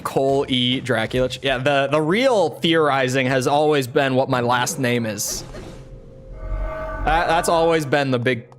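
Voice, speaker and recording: A man's voice: medium pitch, unhurried, faint music behind. A young man streaming a game, telling a rambling, self-mocking story in casual chat with lots of restarts. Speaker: gaming streamer.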